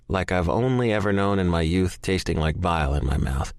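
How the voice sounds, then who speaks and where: A man with a very deep voice narrates a first-person romance audiobook, swearing freely and pouring raw emotion into every line. His pitch swings widely, and the close studio mic leaves the sound dry with no room around it. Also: animated, fairly quick, hardly any pauses, clean tone, no room sound. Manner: profane, intense, emotionally charged.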